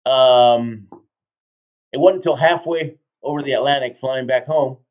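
Man, 50s, motivational speaker, energetic, animated, mid-pitched. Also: a little slow, dull audio. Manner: energetic, keeps tagging lines with "right?". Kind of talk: animated storytelling in a podcast interview.

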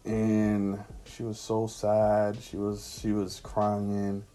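A man's voice: on the low side, monotone, drawn-out words, dark tone. A man casually telling a personal anecdote in slangy, profane street talk. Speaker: storyteller.

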